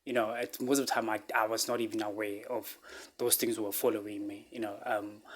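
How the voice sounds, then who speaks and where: A man from Africa, telling a personal story to his viewers in halting speech full of fillers, restarts and repeated phrases. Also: on the low side, a bit bright. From South Africa. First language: a local South African language. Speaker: vlogger.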